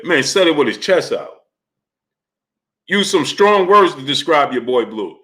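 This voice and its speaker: Lively, bright-voiced man hosting a stream. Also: on the high side, moderate pace. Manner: animated, repeats questions, greets chatters by name. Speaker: boxing livestream host. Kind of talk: casual livestream commentary.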